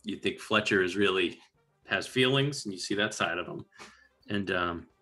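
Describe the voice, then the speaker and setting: Bright-voiced man recapping a film. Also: low-pitched, moderate pace, faint music behind. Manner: rambling recap, acts out lines. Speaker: podcast host. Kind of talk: casual podcast chat.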